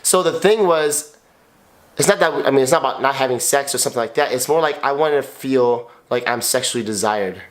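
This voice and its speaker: A man's voice: mid-range voice, fairly quick. A man in his thirties co-hosting a couple's podcast, talking in a raw, confessional way, blunt and emotional, cursing often and repeating himself. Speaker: podcast co-host, husband.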